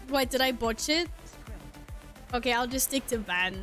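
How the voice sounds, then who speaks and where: A woman's voice: on the high side, animated, moderate pace, a bit bright, soft background music. Chatty, playful young woman streamer. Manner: chatty, playful and self-mocking, laughs and swears casually. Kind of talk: casual live-stream chat while gaming.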